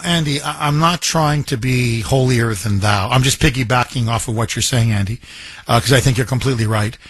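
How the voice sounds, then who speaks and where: A man's voice: medium pitch, slightly rough, no echo. A man hosting call-in talk radio, talking in an impassioned way and repeating himself when worked up. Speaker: radio talk show host.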